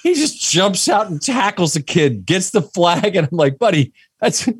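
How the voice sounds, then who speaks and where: A man co-hosting a casual sports podcast, telling a family anecdote in a relaxed way. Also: high-pitched, normal speed, slightly rough, dry recording, studio quality. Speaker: podcast co-host.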